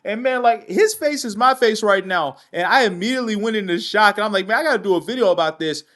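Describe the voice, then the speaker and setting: A man hosting his own commentary show, reading news aloud and ranting loudly with heavy profanity. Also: high voice, lively intonation, fast. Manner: loud. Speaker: political commentary host.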